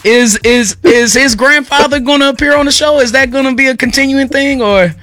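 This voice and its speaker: A man hosts morning radio in a high, bright voice. He jokes and banters with his guests in slang, and faint music plays under him. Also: brisk, no room sound. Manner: lively, joking, uses slang. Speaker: radio morning show host. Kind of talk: upbeat radio banter and interviewing.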